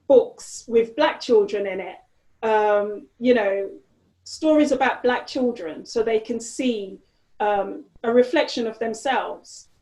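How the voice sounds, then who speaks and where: A woman's voice: a little high, a little mellow. Chatty woman, roomy echo. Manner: chatty, lots of fillers and restarts. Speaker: interview guest. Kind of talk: casual conversational interview.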